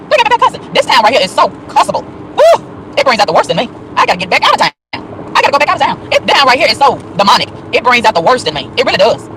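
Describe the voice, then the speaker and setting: Fast-talking high-voiced man ranting. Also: rough recording. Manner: animated, profane, exasperated ranting. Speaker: vlogger. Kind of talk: live-stream rant while driving. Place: in a car on city streets. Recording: faint street and traffic noise.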